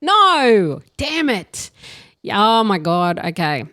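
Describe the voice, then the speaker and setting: A young Australian woman co-hosting a podcast in casual chat, bantering and quick to laugh. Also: mid-range voice, sing-song, very noisy. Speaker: podcast co-host.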